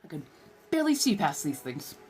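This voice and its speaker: A woman's voice: low voice, very animated, normal speed, warm tone, a little hiss or hum. A woman hosting a live stream in character as an ancient vampire, chatting and reading tarot with theatrical, old-fashioned genteel phrasing.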